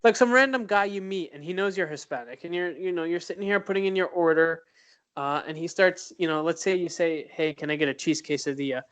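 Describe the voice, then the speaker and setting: A man's voice: high-pitched, a little fast, a bit bright, clear, resonant tone. A man co-hosting a podcast in casual chat, rambling and hesitant with many fillers. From Arab background. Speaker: podcast co-host.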